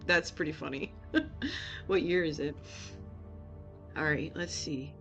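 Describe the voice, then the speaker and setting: A woman's voice: low voice, sing-song, slow pace, soft background music. Chatty woman streaming a game. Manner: chatty, joking, reacting to chat. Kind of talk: casual game commentary.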